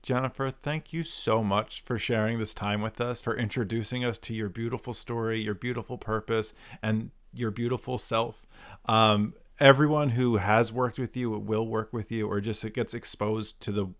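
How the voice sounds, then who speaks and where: A man's voice: fairly low pitch, steady tone, normal speed. A man co-hosting an interview over a video call, effusive and enthusiastic in his praise. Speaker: co-host, interviewer.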